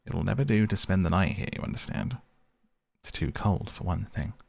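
A man's voice: sits low, lively intonation, moderate pace, gravelly, darkish tone, heavily acted. A man voicing a brave, good-natured water rat who speaks in a reassuring, hearty way. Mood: brisk.

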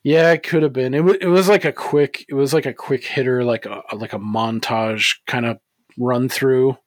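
A man's voice: medium pitch, steady tone, moderate pace, no room sound, clean studio sound. A man co-hosting a podcast in casual chat, cursing freely and laughing easily. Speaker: podcast co-host.

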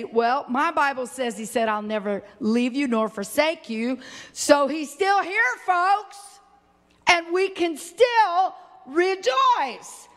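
An older woman with a high voice delivers a homey, animated sermon at an unhurried pace. She bursts into sudden high exclamations between stretches of easy talk. The sound carries a long reverb, like a big hall. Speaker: preacher.

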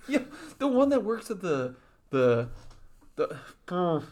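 A bright, lively man co-hosting a loose podcast recorded in person. His voice sits fairly high and swings widely as he jokes and laughs through the banter. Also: slow. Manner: laughs often, joking. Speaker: podcast co-host.

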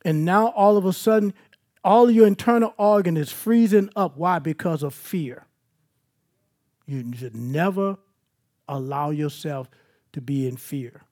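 A man's voice: a little high, a little slow, long pauses, a little mellow. A man preaching a sermon at an evening church service, moving between scripture and personal stories in an emphatic, conversational way.

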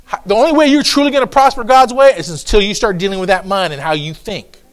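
A male pastor preaches at a quick pace, emphatic and repetitive, with a folksy style and joking asides. He swings from low asides up to shouts.

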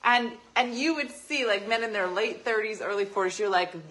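A woman's voice: medium pitch, brisk, few pauses, fairly bright tone, rough recording. A woman, chatting as a talk show co-host and telling stories playfully with acted-out asides. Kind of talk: casual chat.

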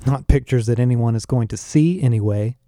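A man's voice: mid-range voice, a little fast, mellow, dry recording, clean studio sound, close to an everyday voice. A man voicing a smug teenage rich boy who slurs and sniggers. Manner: slurring, sniggering. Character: smug male teen rich kid.

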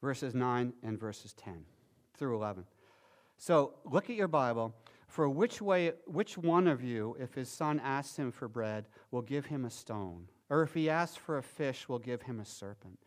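A middle-aged man preaching a sermon as pastor, swinging between loud emphatic lines and soft, quiet ones. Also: medium pitch, measured pace. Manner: animated, shifting from loud emphasis to soft near-whispers.

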